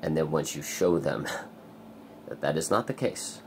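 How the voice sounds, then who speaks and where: A man with an extremely low voice and a gravelly fry rambles through a personal vlog. He swears freely and leans on fillers. A faint hiss sits under his voice. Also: expressive, unhurried, darkish tone. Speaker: vlogger.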